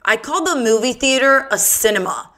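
A woman's voice: high voice, animated, moderate pace, sharp tone. A woman hosting her own podcast, telling bawdy jokes in a giggly, self-mocking casual chat. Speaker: podcast host.

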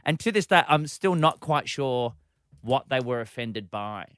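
A man co-hosting a radio show, joking and teasing in animated storytelling. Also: medium pitch, a little slow, no room sound, clean studio sound. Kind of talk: casual radio banter.

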